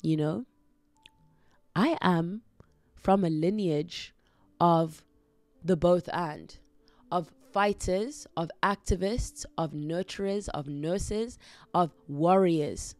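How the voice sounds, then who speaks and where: A woman's voice: lowish voice, dry recording, soft background music. Earnest woman with a dry close voice. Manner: slow, earnest, gently encouraging. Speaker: podcast host. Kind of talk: reflective heartfelt monologue.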